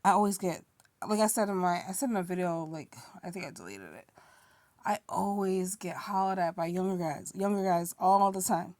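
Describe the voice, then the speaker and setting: A woman's voice: fairly low pitch, lively intonation, moderate pace, darkish tone, no room sound. A woman vlogger telling a casual story, rambling with many fillers and restarts and yawning now and then. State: yawning, a little sleepy.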